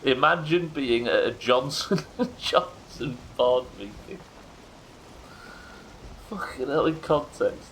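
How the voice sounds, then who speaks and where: A man's voice: medium pitch, a bit bright, slight background noise, rough recording. A man chatting casually while streaming a game, crude and joking, laughing often. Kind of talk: casual live-stream chat.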